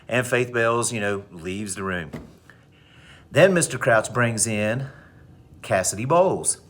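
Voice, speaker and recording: A male teacher telling a dramatic story to his class with animated delivery. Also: on the low side, slow, slight background noise. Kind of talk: storytelling in a lesson.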